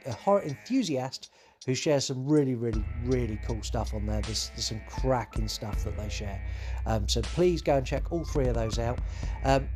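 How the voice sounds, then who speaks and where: A man's voice: medium pitch, a little mellow. A man hosting a horror podcast, talking casually and rambling with many fillers. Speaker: podcast host.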